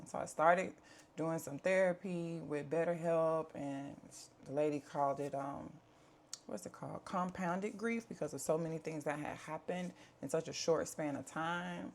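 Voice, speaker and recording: Low-voiced woman chatting candidly to camera. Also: moderate pace. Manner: earnest, chatty, with many fillers and asides. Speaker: vlogger. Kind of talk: candid life-update talk to camera. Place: home.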